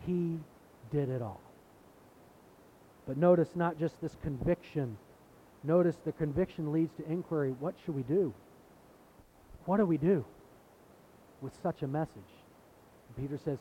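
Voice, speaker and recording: A man's voice: a little slow, pauses often, mellow, slightly rough. A man preaching a sermon in an earnest way, building to impassioned emphasis with repeated phrases. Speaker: pastor. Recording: dull lo-fi sound with faint rumble.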